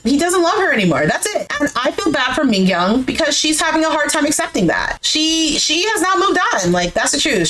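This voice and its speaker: Woman, casual recap commentator; blunt, chatty, a little high in pitch. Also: a bit bright, poor audio. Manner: chatty, full of "like", blunt and sometimes swearing. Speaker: recap creator reacting to a dating show.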